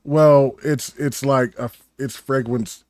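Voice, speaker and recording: A man co-hosting a casual comedy podcast, telling animated stories and slipping into voices. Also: medium pitch, slow pace, slight background noise. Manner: animated storyteller, slips into voices. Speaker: podcast co-host.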